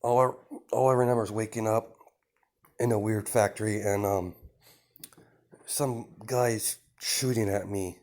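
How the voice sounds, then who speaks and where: Brief: man doing a scheming vampire girl playing helpless, soft and halting, slightly raised, fan storytelling. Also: lowish voice, steady tone. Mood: confused. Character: amnesiac young vampire woman, sly, feigning fear.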